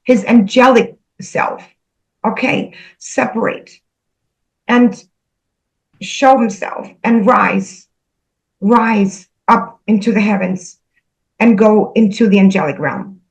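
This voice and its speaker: A woman earnestly recounting a spiritual experience, halting and repeating herself, emotional as she goes. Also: mid-range voice, creaky, low-quality recording. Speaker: spiritual channel host. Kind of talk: personal spiritual storytelling.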